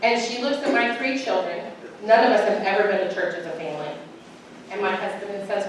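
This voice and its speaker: A woman from Utah giving a casual, humorous farewell speech to a church gathering, animated and self-mocking, laughing often. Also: mid-range voice, fairly quick. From Utah, United States. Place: church hall in front of a gathering. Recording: echoey hall, distant mic, faint hiss.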